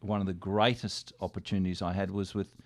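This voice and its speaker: An older Australian man speaks in a low voice, recalling stories as a radio guest. He acts out what others said to him. The studio sound is dry and close. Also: brisk, dry recording. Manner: animated anecdotes with quoted dialogue. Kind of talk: casual storytelling.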